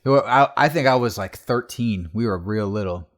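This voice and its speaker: A man's voice: on the low side, normal speed. A man hosting a podcast, chatting casually and swearing as he tells his own stories. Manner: laid-back, profane. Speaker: podcast host. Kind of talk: casual chat.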